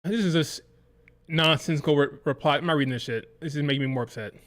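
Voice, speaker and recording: A man's voice: a little high, fast, fairly bright tone. A man hosting a live-stream reaction, ranting heatedly with profanity and exasperation while reading chat. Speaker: livestream host.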